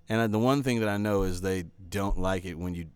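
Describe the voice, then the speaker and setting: Smooth-voiced man telling lively stories. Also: deep voice, fairly quick, dry recording. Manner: animated storyteller, laughs often, acts out quotes. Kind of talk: casual chat.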